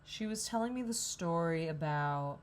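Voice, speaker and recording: A young woman talks through a frank, meandering confessional vlog, cursing casually. Her voice sits low but swoops up and down with feeling. A faint hum of coffee-shop ambience runs behind her, and she sounds a little hungover. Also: animated, normal speed. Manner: rambling, profane, self-deprecating. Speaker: vlogger.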